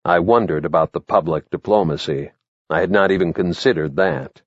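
A man reads his memoir aloud in the first person with a measured, matter-of-fact delivery. His voice sits low. The recording is dry and slightly muffled. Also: no room sound. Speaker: memoir narrator.

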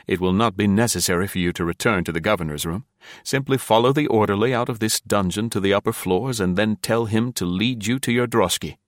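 A man's voice: on the low side, no room sound, clean studio sound, close to an everyday voice. A man voicing a curt, commanding male rescuer in disguise, giving orders.

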